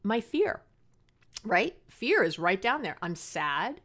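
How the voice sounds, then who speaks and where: A woman's voice: mid-range voice, very animated, slow, fairly bright tone. Earnest, chatty middle-aged woman counselor. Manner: chatty, earnest and passionate, laughs at herself. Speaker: counselor and podcast host. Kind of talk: casual advice podcast monologue.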